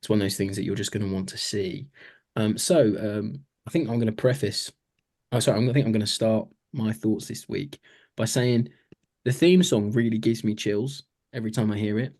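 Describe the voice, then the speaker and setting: A man with a lowish, darkish-toned voice co-hosts a podcast, reviewing a TV series at normal speed in chatty, eager conversation laden with fillers.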